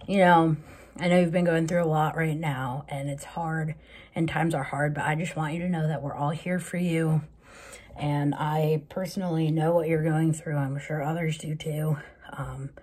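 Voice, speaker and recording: A woman recording a tender personal video message for a friend, hesitant and gentle, pausing often. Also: low voice, husky. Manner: tender, hesitant, many pauses and ums.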